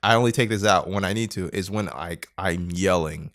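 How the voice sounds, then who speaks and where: A young man, a podcast co-host, telling a story in casual chat and acting out quotes, laughing often. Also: moderate pace. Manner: animated, acts out quotes with big pitch jumps, laughs often.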